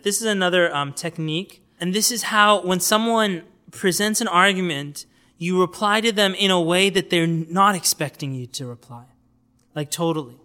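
A man giving an informal religious lecture on outreach, telling stories in a lively way and acting out the people he quotes. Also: on the high side, smooth. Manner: animated storytelling, acts out quoted voices. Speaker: Islamic preacher teaching outreach.

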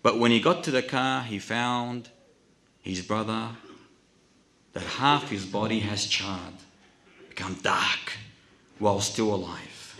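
A man preaching through a dramatic story, swinging between hushed and loud delivery. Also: on the low side, steady tone, takes it slowly, echoey room. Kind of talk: sermon storytelling.

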